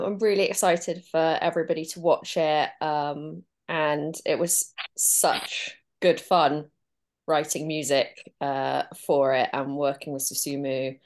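Slow, hesitant composer woman. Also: low voice. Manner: hesitant, self-deprecating, many ums. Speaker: film composer. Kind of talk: casual video call chat. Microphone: video call.

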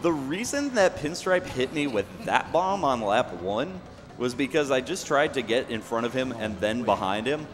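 A young man casually explaining his own speedrun as he plays, relaxed and full of fillers. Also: mid-range voice, moderate pace. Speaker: speedrunner commentating his run. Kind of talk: casual live commentary. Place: event venue. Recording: long hall reverb, faint background noise.

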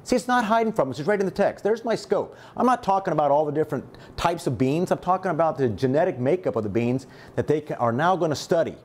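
A middle-aged man leads a test-prep lesson, and his voice climbs and dips a great deal as he stresses key words. He talks in a lively, rhetorical way and keeps asking "right?" and "okay?" to check in with the class. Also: fairly high pitch, fast talker, hardly any pauses. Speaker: high school math teacher.

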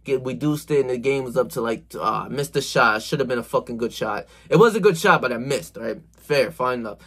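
A man vlogging, telling a casual, animated story full of slang and swearing. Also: mid-range voice, brisk, breathy edge.

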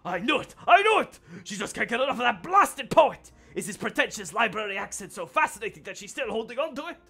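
A man voicing a jealous, pompous male bar customer in a game with a put-on accent, haughty and quick to flare up. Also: very high-pitched, sing-song, pushed and bright, soft background music, voice pushed up, heavily acted. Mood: jealous, demanding. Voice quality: gravelly, breathy put-on accent.

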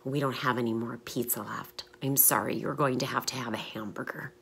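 A teacher voicing a hushed, hurried lunch lady. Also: very deep voice, fairly even intonation, creaky, slight background noise, full character voice. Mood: apologetic. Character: apologetic school lunch lady.

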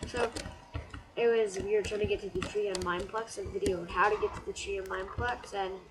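A woman's voice: medium pitch, fairly even intonation, a little fast, a crowd in the background, rough recording. A woman giving casual let's-play commentary, chatty and bursting into frustrated shrieks. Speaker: gameplay commentator. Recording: loud keyboard clatter. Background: keyboard typing clicks.

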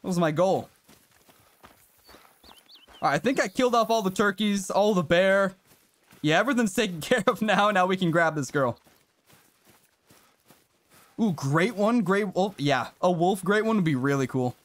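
A man streaming a hunting game, chatting casually and excitably with viewers and swearing now and then. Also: high voice, moderate pace, pauses often, no room sound. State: briefly out of breath. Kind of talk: casual live-stream commentary.

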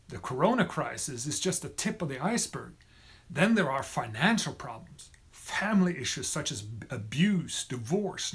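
A man's voice: fairly high pitch, breathy edge. A male pastor giving a short devotional message. He tells a story earnestly and then reads scripture.

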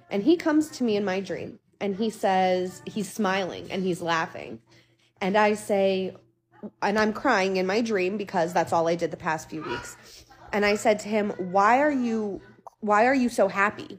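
A woman around thirty telling a personal story in a casual storytime, earnest and candid, stressing points by repeating words. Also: mid-range voice. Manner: earnest and candid, occasional swearing.

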